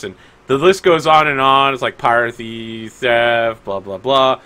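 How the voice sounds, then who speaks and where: A man's voice: mid-range voice, unhurried, sharp tone, clear, resonant tone. A man narrating as game master of a tabletop game, rambling loosely with many fillers.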